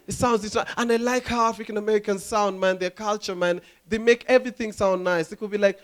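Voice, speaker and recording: Young guy doing stand-up, high voice, lively, keeps doing silly voices. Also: a little fast, hardly any pauses. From Kenya. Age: young adult. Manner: animated, jumps into silly voices and impressions. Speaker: stand-up comedian. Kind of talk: stand-up comedy routine. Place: comedy club stage.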